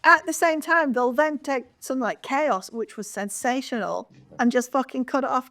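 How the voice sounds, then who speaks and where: A woman's voice: sits high, normal speed, a bit bright, no echo, studio quality. Blunt, sweary woman panelist. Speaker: podcast panelist. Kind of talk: casual panel chat.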